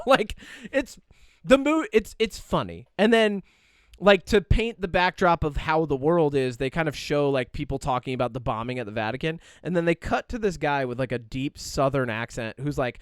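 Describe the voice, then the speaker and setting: Chatty man with a smooth voice. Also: on the high side, moderate pace, dry recording, studio quality. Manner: animated, rambling with many "like" fillers and quoted asides. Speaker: podcast co-host. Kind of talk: casual chat.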